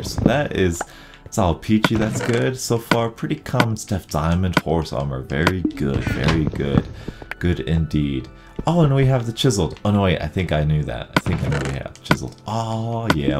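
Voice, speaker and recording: A man hosting casual gameplay commentary, chatty and excitable, rambling as he plays. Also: low voice, moderate pace, over loud music. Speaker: gaming channel host.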